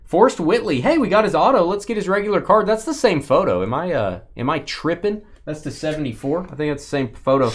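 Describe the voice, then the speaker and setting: A man's voice: a little high, fairly quick, few pauses. A man hosting a live sports card break, calling out the cards he pulls and teasing his co-host. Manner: teasing, animated, calls out cards and players.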